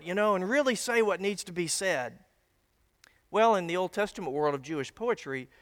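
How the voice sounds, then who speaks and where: A man's voice: high-pitched, a bit bright. A man preaching a teaching sermon to a congregation in a conversational, folksy way with little asides. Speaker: pastor. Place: church sanctuary. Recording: long hall reverb.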